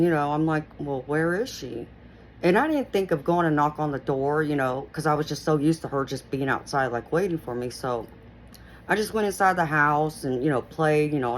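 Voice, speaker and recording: The rough recording has some background noise behind this low-pitched woman. As host of her own channel, she looks back on a personal experience in an earnest, wandering way, leaning heavily on "you know."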